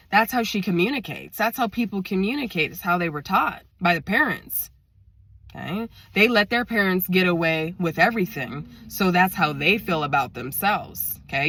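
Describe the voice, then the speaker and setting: A woman's voice: on the low side, a bit bright. A woman in her thirties tells a story to her viewers, indignant and emphatic, often speaking straight to them. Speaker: vlogger.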